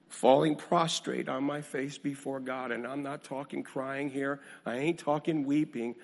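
Man, minister, sermon, slow gravelly delivery, dramatic hushed-to-booming swings. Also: in a large hall. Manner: repetitive preaching cadence.

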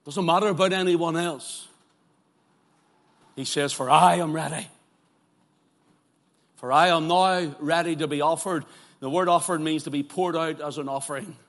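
Bright-voiced fervent male preacher. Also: a little high, steady tone, normal speed, pauses often. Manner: swings from loud fervent preaching to quiet pleading questions. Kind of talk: sermon. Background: congregation present, also streamed live.

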